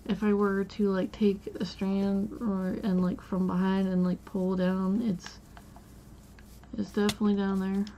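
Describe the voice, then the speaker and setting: A woman's voice: medium pitch, level tone, a little slow, mellow, a little hiss or hum, poor audio. A woman streamer chatting casually while playing a game, telling a rambling story full of "like" and restarts.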